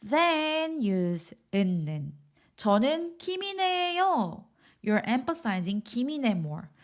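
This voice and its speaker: A woman with a Korean accent teaching grammar in English to learners, patiently repeating example sentences and checking understanding with questions. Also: a little high.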